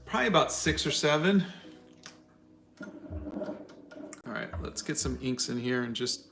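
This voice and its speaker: A man in his fifties hosting a drawing livestream, relaxed and joking as he thinks aloud. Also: mid-range voice, measured pace, vocal fry, faint music behind. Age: 50s. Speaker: artist and livestream host. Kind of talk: casual livestream chat while drawing.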